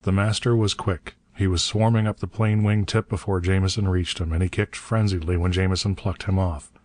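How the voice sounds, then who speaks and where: A man narrating a story in a steady, measured reading. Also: low voice, no room sound, clean studio sound. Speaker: audiobook narrator. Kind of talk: scripted narration.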